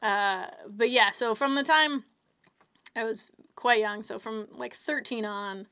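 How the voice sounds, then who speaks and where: A woman with a bright, slightly high voice chats as a podcast guest. She tells stories with animation and laughs easily. The sound is close and dry. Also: slow pace, clean tone, no room sound. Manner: laughs often, animated storytelling. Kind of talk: casual chat.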